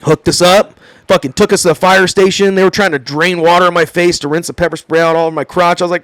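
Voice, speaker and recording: A man's voice: on the high side, fast talker, no echo. A man in his thirties, a podcast guest telling a story casually, swearing often and acting out the quotes. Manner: profane, animated storytelling with voiced quotes.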